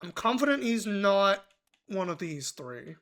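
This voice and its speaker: A man's voice: high-pitched, big pitch swings, unhurried, a bit bright. A man streaming a mystery game, thinking aloud in loose, casual commentary with offhand swearing.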